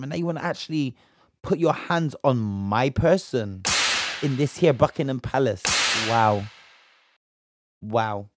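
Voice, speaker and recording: A man's voice: mid-range voice, measured pace, background noise. A young British man from Bristol giving a heated, slang-filled commentary rant, indignant and emphatic. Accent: British English. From Bristol, England.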